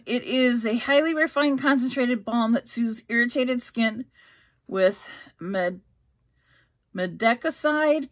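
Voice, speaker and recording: A middle-aged woman chatting casually as she unboxes beauty products, reading labels aloud and stumbling over ingredient names. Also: a little high. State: hiccups. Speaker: unboxing vlogger.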